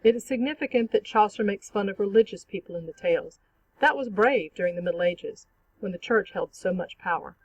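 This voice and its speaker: A teacher giving a clear, measured, scripted narration for an online literature lesson. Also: mid-range voice, expressive, no room sound, rough recording. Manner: clear, measured explanatory reading.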